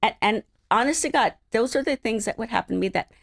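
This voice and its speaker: A middle-aged woman from the Los Angeles area, an interview guest telling stories in an animated, laughing way. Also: a little high, fast talker, creaky, dry recording, studio quality. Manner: animated, laughing, acts out other people's voices. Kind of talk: casual storytelling chat.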